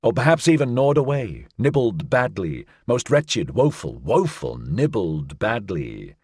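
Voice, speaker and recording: A man's voice: mid-range voice, sing-song, measured pace, husky, no echo, clean studio sound. A man reading the part of a wanderer's shadow who sings a mock-pious desert song with declamatory, swinging delivery. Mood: lamenting. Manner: declamatory, swinging between hushed and loud exclamations. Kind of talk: dramatic audiobook reading.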